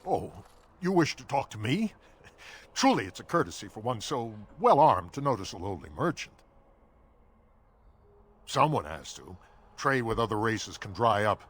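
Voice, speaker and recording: A man's voice: on the low side, very animated, moderate pace, long pauses, breathy edge. A man voicing a bitter male dwarf merchant in a video game, wry and grumbling. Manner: wry, grumbling about his status.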